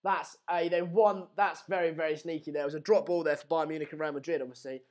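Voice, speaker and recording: A man's voice: a little high, fairly even intonation, quick pace, darkish tone. A young man hosting a live football watchalong stream, calling the play and chatting through viewer comments in a casual, joking way.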